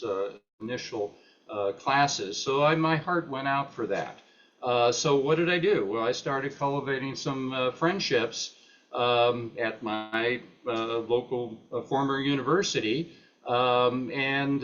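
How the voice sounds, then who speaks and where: An older retired professor giving an unscripted talk at a meeting, halting and full of fillers and restarts. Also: male voice, medium pitch, fairly bright tone, dull audio.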